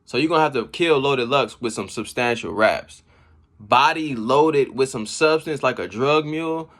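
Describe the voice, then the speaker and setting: A man giving casual, slangy commentary on rap battle bars. He reacts with laughs and shouts as he explains each line. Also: medium pitch, normal speed. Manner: slangy street talk. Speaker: battle rap breakdown host.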